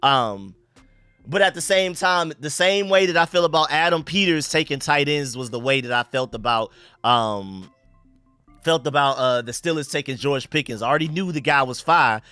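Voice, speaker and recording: A man's voice: a little high, moderate pace, bright, forceful tone, smooth, no room sound, faint music behind. A young American man hosting a live sports stream, chatting loosely with slang and rambling restarts. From United States. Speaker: sports livestream host. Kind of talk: casual live-stream chat reading viewer comments.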